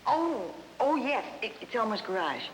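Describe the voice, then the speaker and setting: A high bouncy young wife who cracks jokes, 50s sitcom, hissy old roomy recording. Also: female voice, big pitch swings, normal speed. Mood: playful. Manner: bubbly, wisecracking, giggly. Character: playful, teasing young newlywed wife. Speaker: sitcom lead. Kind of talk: 1950s live TV sitcom acting. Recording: hissy, roomy 1950s TV soundtrack.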